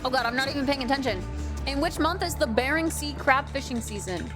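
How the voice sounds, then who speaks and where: A woman's voice: high-pitched, fairly quick. Chatty, swearing woman streamer. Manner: chatty, reactive, swears freely. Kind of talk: casual live-stream chat. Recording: show audio and music behind.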